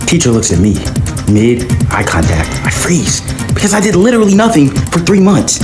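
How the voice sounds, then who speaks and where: A young man narrating comedic point-of-view skits in an animated way, jumping between voices for each character. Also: fairly high pitch, normal speed. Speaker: comedy sketch creator. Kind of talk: comedic POV skit narration. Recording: echoey room with music playing.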